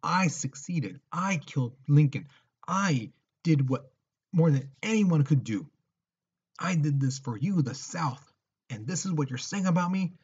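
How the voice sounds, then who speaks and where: Teacher doing a bragging, indignant assassin, husky voice, muffled recording. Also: male voice, a little high, animated, unhurried, a little mellow, voice pushed up, exaggerated voice. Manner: boastful, indignant. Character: boastful male assassin craving praise.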